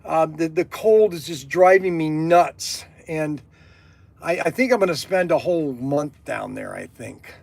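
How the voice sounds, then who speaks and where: A man from Ohio, hosting a livestream, talking excitedly and stammering with gushing enthusiasm. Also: a little high, measured pace, vocal fry, no echo. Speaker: livestream host. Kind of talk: casual phone chat. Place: workshop.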